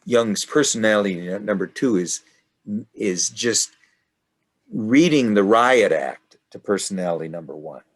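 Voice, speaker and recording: An older man leading a study group discussion, rambling and halting with many restarts. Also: lowish voice, lively intonation, slightly rough.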